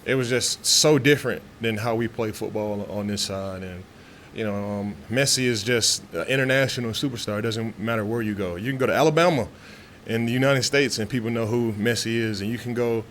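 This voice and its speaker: After practice, in the media room, a football player from Texas chats easily with reporters in a casual interview. His mid-range voice comes through with slight background noise, and he talks freely, often restarting and leaning on fillers.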